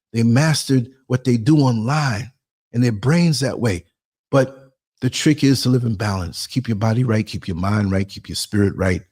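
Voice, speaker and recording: On his podcast, a New Yorker with a slightly high, breathy voice gives a blunt, streetwise motivational monologue. He tells his stories with animation, acting out bits of dialogue as he goes.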